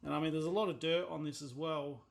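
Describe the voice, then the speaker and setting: A blunt Australian man talks through a watch repair at his bench in a casual, exasperated way. His voice sits a little high for a man and has a gravelly, creaky edge. He doesn't hold back from swearing when something annoys him. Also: fast talker. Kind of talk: casual workbench commentary.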